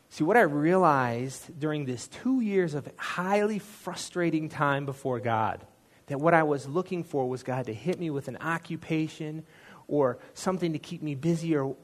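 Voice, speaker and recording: A man giving a personal testimony in a sermon, telling the story in an earnest, conversational way with self-deprecating asides. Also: mid-range voice. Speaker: church speaker sharing a testimony.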